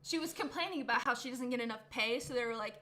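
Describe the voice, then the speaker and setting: A woman co-hosting a podcast, spinning absurd jokes in casual chat with a deadpan delivery. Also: on the high side, fast, slight background noise. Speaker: podcast co-host.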